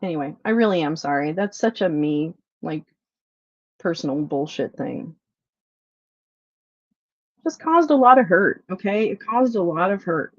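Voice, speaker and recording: A middle-aged woman hosting a livestream, venting with a lot of swearing, then apologizing and dropping to quiet mutters. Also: lowish voice, big pitch swings, measured pace, long pauses, dry recording. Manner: frustrated, profane, apologetic, swings between loud venting and quiet muttering. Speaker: livestream host. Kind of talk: unscripted livestream rant. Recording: dull, lo-fi, dry livestream audio.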